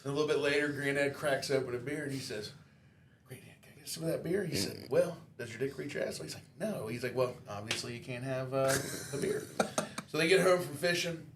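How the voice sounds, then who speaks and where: A man's voice: mid-range voice, fairly quick, roomy sound, noisy background. A man on a casual podcast telling a long joke, building to the punchline.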